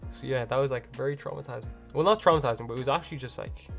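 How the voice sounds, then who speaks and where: A man's voice: medium pitch, racing, vocal fry, soft background music. A man hosting a livestream and chatting casually with viewers from home, rambling and packed with slang fillers. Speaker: livestream host.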